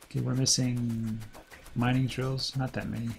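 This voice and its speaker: Gravelly man narrating his gameplay. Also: medium pitch, little pitch movement, normal speed, faint music behind. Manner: rambling, thinks aloud while playing. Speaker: let's play host. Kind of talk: casual gameplay commentary.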